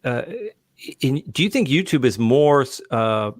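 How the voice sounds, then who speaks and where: A man's voice: mid-range voice, lively intonation, measured pace, dry recording. A man hosting an interview, asking questions in a conversational way with hesitant fillers. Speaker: podcast host. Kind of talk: casual interview talk.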